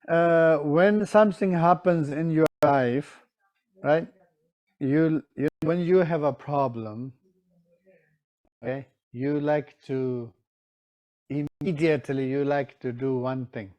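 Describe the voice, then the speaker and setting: A man's voice: on the high side, slow pace, long pauses, darkish tone. A man teaching a class on Tibetan medicine, often checking in with his students and acting out their excuses. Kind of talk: lecture to a class.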